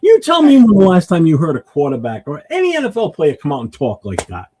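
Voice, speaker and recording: A man's voice: a little high, huge pitch swings, fast, dark tone, a little hiss or hum. A man co-hosting a sports podcast, talking bluntly and swearing freely. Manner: blunt, profane. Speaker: podcast co-host. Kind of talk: casual sports chat.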